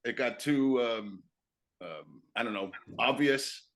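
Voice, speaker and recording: A man co-hosting a comedy podcast, chatting casually and backing up ideas with quick agreements. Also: mid-range voice, a bit bright. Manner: supportive, quick agreeing backchannels. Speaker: co-host.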